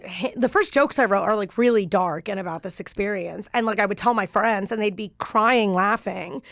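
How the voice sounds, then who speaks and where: A woman's voice: mid-range voice, moderate pace, vocal fry, a bit bright, no echo, clean studio sound. A woman guest, a stand-up comedian, chatting casually and telling a personal story with lots of fillers and laughs.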